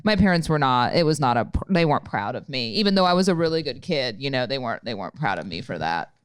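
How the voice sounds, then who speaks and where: A woman's voice: rumbling low, sing-song, fast talker, clear, resonant tone, no echo. A woman co-hosting a podcast, telling a personal story in a chatty way with plenty of fillers. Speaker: podcast co-host. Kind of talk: casual chat.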